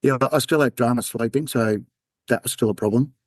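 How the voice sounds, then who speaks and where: A man with an Australian accent, a podcast guest telling a personal story in a candid, halting way. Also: medium pitch, no echo. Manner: candid, halting, acts out quoted dialogue. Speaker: podcast guest, former undercover police officer.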